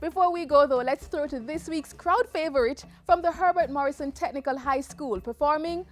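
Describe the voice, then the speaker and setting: Upbeat high-voiced woman presenter. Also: normal speed. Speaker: magazine show presenter. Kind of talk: scripted voice-over presenting.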